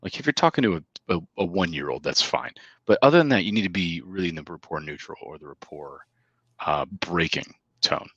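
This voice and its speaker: A man with a very low, husky voice co-hosts a casual podcast, talking emphatically like a coach and dropping in asides. His tone has a bright, forceful edge, and the sound is dry and close. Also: animated, fairly quick, no room sound, muffled recording. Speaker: co-host.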